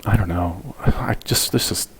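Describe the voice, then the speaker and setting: A man's voice: lowish voice, measured pace, husky. A man giving blunt, profane reaction commentary on a video clip. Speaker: commentary host.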